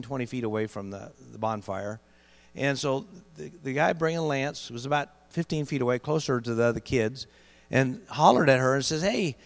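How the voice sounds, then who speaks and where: Middle-aged preacher, gravelly and animated; sermon, big echoing hall, mains hum. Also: male voice, mid-range voice. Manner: builds to loud emphatic peaks, slows for key phrases. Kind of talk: sermon storytelling.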